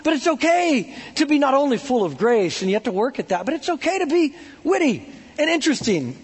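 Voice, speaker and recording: A man's voice: extremely high pitch, big pitch swings, brisk. A man preaching a casual, joking sermon, talking in a chatty way full of "like" and "right?". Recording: long hall reverb.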